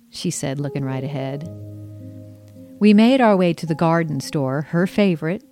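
Low-voiced woman reading her own memoir. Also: normal speed, dark tone, soft background music. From American South. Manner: conversational, wry storytelling with lightly acted dialogue. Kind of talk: audiobook memoir narration.

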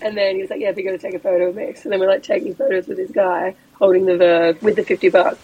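A woman's voice: mid-range voice, fast talker, husky, highs cut off. A young woman, co-hosting a podcast over a video call and telling stories with acted-out quotes. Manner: animated storytelling, acting out quotes. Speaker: podcast co-host.

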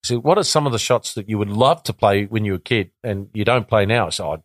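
An Australian man in his fifties, a former cricketer telling stories as a guest in casual, animated talk with repeats and restarts. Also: fairly low pitch, quick pace, no echo, studio quality. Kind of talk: casual storytelling.

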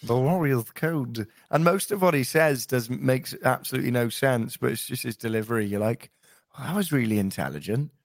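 Male impressionist guest, casual chat, lively and restarting, mid pitch, dry recording. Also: moderate pace, vocal fry, hardly any pauses, no room sound. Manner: lively, self-interrupting, jumps between voices.

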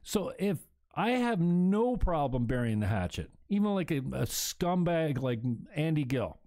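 A male talk show host from Canada, with a voice sitting a bit higher than most men's. He talks bluntly and emphatically and swears freely as he makes his case. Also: big pitch swings, measured pace, warm tone. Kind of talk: heated opinion talk.

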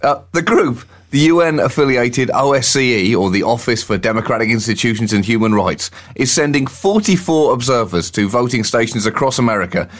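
A man co-hosting a satirical comedy podcast, delivering news items with sardonic mockery. His voice sits at a middle pitch and he often laughs into his own lines. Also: animated, brisk, hardly any pauses. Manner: sardonic, mocking, breaks into laughter. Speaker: co-host.

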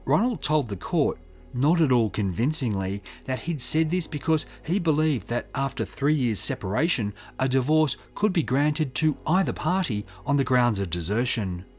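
A man giving measured, scripted true-crime narration and reading out quotes. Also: medium pitch, lively intonation, husky, soft background music. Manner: measured, reads quotes aloud.

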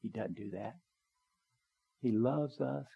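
A man preaching a sermon in a church, earnest and conversational, building to emphatic pleas and dropping to soft, quiet appeals. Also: medium pitch, slow, creaky, husky, dull audio. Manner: conversational with small asides. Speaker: pastor. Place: church sanctuary, also live streamed.

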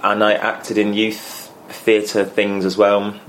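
A man from Bolton, England, a playwright answering interview questions in a relaxed, hesitant, wry way. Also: lowish voice, slow pace, slight background noise, low-quality recording. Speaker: playwright guest.

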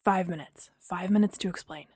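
A woman's voice: normal speed, darkish tone, breathy edge, dry recording, studio quality. Woman voicing a sheepish young man. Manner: sheepish, wry, low-key. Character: young man, apologetic joking ex-boyfriend. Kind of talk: audio drama reading.

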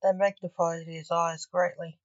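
A woman narrating a story in an even, measured reading. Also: lowish voice, dry recording. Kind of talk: scripted narration. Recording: dull, dry recording.

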